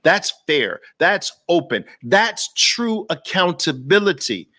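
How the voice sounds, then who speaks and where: A man's voice: fairly high pitch, sing-song, takes it slowly, sharp tone. A man giving a persuasive masterclass talk as a trading educator, emphatic, with repeated punchy lines and rhetorical questions. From Brooklyn, New York.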